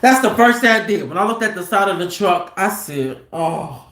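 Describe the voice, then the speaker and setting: A man's voice: high-pitched, brisk. A man who drives trucks, telling stories casually and with profanity, acting out what people said. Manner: animated, profane, acts out quotes loudly. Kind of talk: casual storytelling. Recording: roomy echo.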